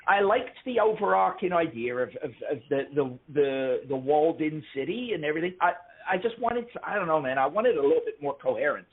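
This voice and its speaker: A man's voice: on the high side, animated, fairly quick, few pauses. A man co-hosting a casual podcast, ranting and swearing, often restarting his sentences. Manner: ranting, swearing, self-interrupting. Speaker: podcast co-host. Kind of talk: casual chat. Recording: tinny phone-like line.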